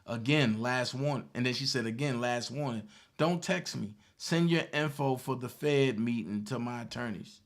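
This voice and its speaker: A man's voice: mid-range voice, moderate pace. A man from Baltimore reading out text messages and answering them with indignant, mocking commentary, repeating his points for emphasis. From Baltimore, Maryland. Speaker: online commentator.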